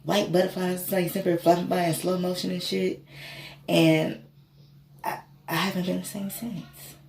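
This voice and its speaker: A woman's voice: lowish voice, level tone, measured pace, gravelly, darkish tone. A woman vlogger casually telling an emotional spiritual story, swearing and rambling with many fillers. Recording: echoey room, faint ambient noise.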